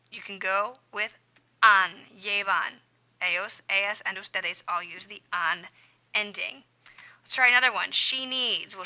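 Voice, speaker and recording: A woman's voice: medium pitch, bright, forceful tone. A woman teaching a Spanish grammar lesson over a screen recording, upbeat and encouraging, dropping little sound effects as she writes.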